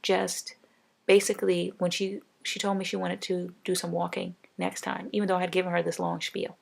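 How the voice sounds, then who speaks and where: A woman talks straight to the camera in a casual, ranting monologue, hammering her advice home through repetition. Her voice is heavy with vocal fry, with a rough, husky edge. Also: fairly low pitch, monotone, moderate pace. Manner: emphatic, repetitive, advice-giving. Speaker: vlogger.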